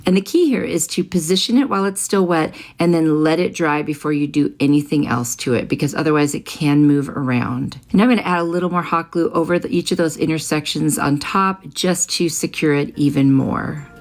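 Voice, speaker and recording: A woman's voice: deep voice, fairly quick, hardly any pauses. A middle-aged woman hosting a craft channel, explaining each step of a project in a friendly voice-over.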